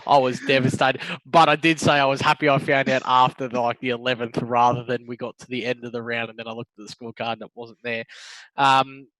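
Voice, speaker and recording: Male co-host, self-deprecating and laughing, dry close sound, mid pitch. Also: level tone, fairly quick, a bit bright, no room sound, low-quality recording. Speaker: podcast co-host. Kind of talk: casual banter.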